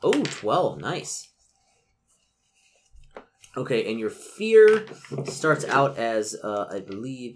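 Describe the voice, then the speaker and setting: A man serving as game master who reads a gamebook aloud in a relaxed podcast session and narrates expressively. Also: medium pitch, drawn-out words, long pauses, slight background noise.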